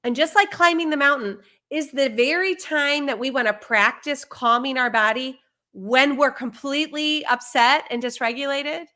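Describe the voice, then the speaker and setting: A high-pitched woman with a bright, lively timbre talks through parenting advice. She is animated and breaks into little acted-out lines of what a parent or child might say. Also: moderate pace. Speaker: parenting educator. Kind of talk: conversational advice on a live stream.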